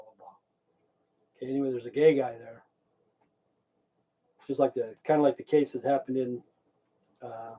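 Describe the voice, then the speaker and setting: A man's voice: mid-range voice, dark tone, rough recording. A man ranting casually on his livestream, rambling and swearing a lot and chatting back to viewers. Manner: rambling, profane, keeps saying "okay"; chats back to viewers in the stream chat. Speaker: livestream host.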